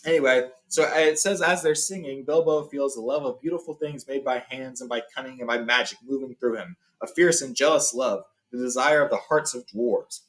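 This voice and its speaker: A man's voice: mid-range voice, brisk. A man hosting a casual read-along, retelling a story in a chatty way with fillers and self-corrections. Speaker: host reading a book aloud.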